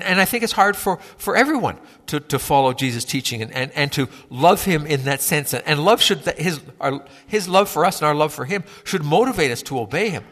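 A man preaching a sermon in a conversational, halting way, often repeating words as he gathers his thoughts. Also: a little high, fairly bright tone, long reverb tail. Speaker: pastor.

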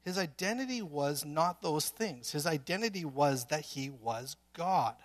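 A man's voice: fairly high pitch, expressive, a little slow. A man preaching a sermon in earnest, building to emphatic peaks with some restarts.

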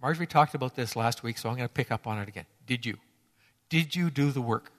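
A man's voice: medium pitch, quick pace, a bit bright, big-room sound. A man preaching a sermon to his congregation, emphatic and fond of repeating key phrases for effect. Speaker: pastor.

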